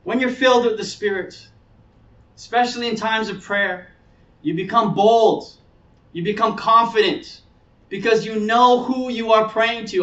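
High-voiced pastor in an echoey hall. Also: male voice, steady tone, unhurried, fairly bright tone. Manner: earnest preaching with acted-out child voices. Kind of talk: sermon. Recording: echoey hall, speaker far from mic, dull sound.

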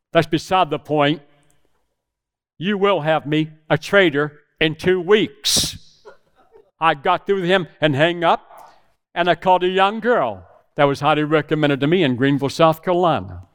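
A man's voice: on the high side, clear, resonant tone. A middle-aged man preaching a sermon to a room of men, telling a personal story and acting out the phone calls in it. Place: church hall with audience.

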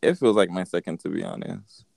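A young man co-hosts a relaxed podcast. His low voice is gravelly yet smooth. He speaks hesitantly, pausing and restarting, and the close mic is dry. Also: no echo. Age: young adult. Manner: hesitant, with many ums and restarts. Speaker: podcast co-host. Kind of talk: casual chat.

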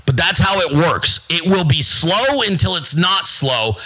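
A little high-pitched and pushed, bright in tone, this American man hosts his own show at an unhurried pace with lively intonation. His motivational monologue is brash, profane, emphatic and repetitive, full of mocking put-on voices, on a low-quality recording.

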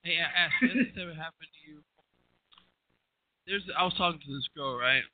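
A man co-hosting a casual chat, telling stories in an animated, profane way. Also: on the high side, a little fast. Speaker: co-host. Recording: tinny phone-like line.

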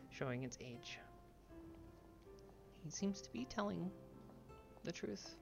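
A woman's voice: fairly low pitch, animated, gravelly, muffled recording, music in the background, voice pushed up, exaggerated voice. A woman playing a cagey male tavern stranger. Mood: guarded. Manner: measured, deliberate, cagey.

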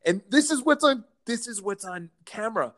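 A man, a real estate broker, telling stories as a guest in a casual interview, lively and laughing as he goes. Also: high voice, moderate pace. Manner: animated, acts out quotes, laughs while telling stories.

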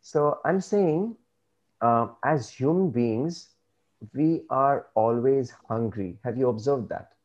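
A man speaking as an interview guest, earnest and measured, giving reflective advice. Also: medium pitch, a little mellow, lo-fi sound.

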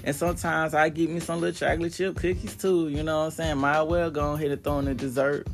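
Gravelly-voiced woman host. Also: deep voice, fast talker, few pauses, soft background music. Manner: chatty and emphatic, with animated bursts. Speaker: podcast host. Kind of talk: casual podcast monologue.

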